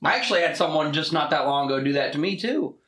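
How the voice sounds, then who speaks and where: A man co-hosting a casual podcast, telling profane, animated stories about driving and his daughter. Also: a little high, fast talker, roomy sound. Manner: profane, animated storytelling with laughs. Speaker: podcast co-host. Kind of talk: casual chat.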